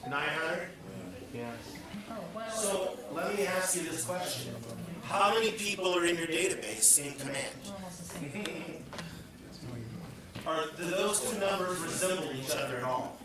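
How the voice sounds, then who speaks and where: A man with a slightly raised voice leads a team meeting, trading jokes with the audience and throwing them questions. He is recorded from across an echoing room. Crowd noise stays clear underneath him. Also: a little high, animated, a little slow, long pauses. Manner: joking, asks the room questions. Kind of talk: lively team meeting talk. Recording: echoey room, speaker far from mic, crowd sounds.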